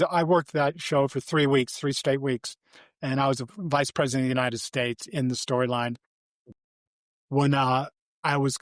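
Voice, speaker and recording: An older man, a podcast guest, telling animated and rambling anecdotes with frequent restarts. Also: mid-range voice, no echo, clean studio sound. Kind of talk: casual interview storytelling.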